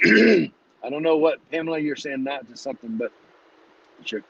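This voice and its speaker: A man hosting a live-streamed Bible study, teaching in a casual, energetic, preachy way and calling listeners "dude". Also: fairly high pitch, normal speed, vocal fry, noisy background. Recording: dull lo-fi live stream audio.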